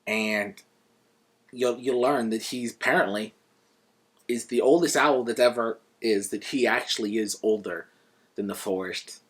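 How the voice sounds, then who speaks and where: A man reviewing a book in a casual, conversational way and retelling the stories as he goes. His voice is low and husky, and he sometimes restarts a phrase mid-sentence. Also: a bit bright.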